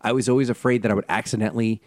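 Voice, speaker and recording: A man co-hosting a casual chat, animated and laughing often, talking fast. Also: mid-range voice, no room sound, studio quality. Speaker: podcast co-host. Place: Los Angeles area.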